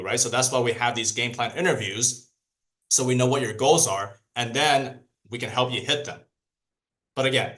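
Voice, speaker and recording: A man's voice: medium pitch, fairly bright tone. A man coaching his sales team with a casual, rambling delivery that is full of restarts and fillers. He speaks in an ordinary mid-range voice. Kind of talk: motivational training talk.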